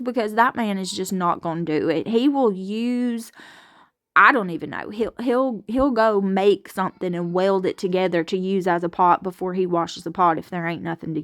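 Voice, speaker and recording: A woman's voice: mid-range voice, no room sound, clean studio sound. Chatty Southern woman from Alabama. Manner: chatty, folksy, frank, with Southern expressions. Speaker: home vlogger and mom. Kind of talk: casual chat to camera while doing chores. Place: home kitchen at the sink.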